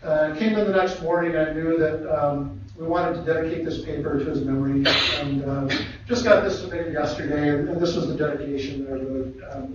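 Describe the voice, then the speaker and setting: A man speaking at a memorial tribute, soft-spoken and halting, with frequent pauses. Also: a little high, fairly even intonation, slight background noise. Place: lecture hall. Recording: echoey hall, distant mic, dull livestream audio.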